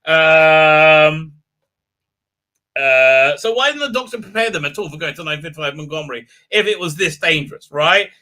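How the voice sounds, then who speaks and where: A man's voice: a little high, expressive, moderate pace, pushed and bright. A man hosting a live-stream review, rambling and sarcastic, with many stalls and restarts. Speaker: host and reviewer.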